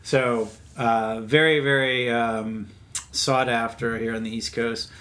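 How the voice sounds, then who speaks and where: A man hosting a podcast at his home, casually chatting about beer and telling an animated, playful story. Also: medium pitch, slow. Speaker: podcast host. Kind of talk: casual beer-tasting chat. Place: his own house.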